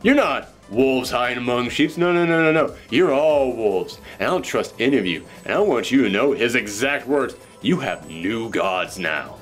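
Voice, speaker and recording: A man voicing an imperious older male mutant overlord, speaking slow, low and menacing, full of scorn for humans. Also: expressive, faint music behind, close to an everyday voice.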